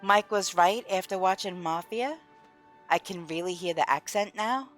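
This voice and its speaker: A woman's voice: lowish voice, moderate pace, a bit bright, soft background music. A woman live-streaming a game, chatting casually with her viewers and openly voicing her frustration.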